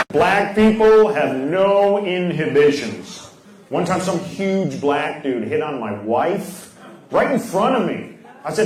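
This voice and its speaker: Stand-up comedian with punchy one-liners. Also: male voice, a little high, sing-song, slow pace, roomy sound, crowd noise, rough recording. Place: large theater stage.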